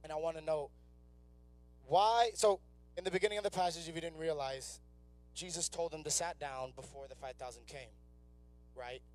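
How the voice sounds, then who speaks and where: High-voiced young male preacher. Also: normal speed, pauses often, soft background music. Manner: conversational preaching, acts out inner voices. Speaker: youth pastor. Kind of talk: sermon. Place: church sanctuary.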